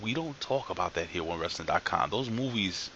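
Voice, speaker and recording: A man's voice: deep voice, lively intonation, brisk, bright, forceful tone, lo-fi sound, a little hiss or hum. A man giving a casual, rambling wrestling show recap, joking, swearing and ribbing someone off camera, tired from working late at night. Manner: jokey, rambling, swears, asks off-camera crew.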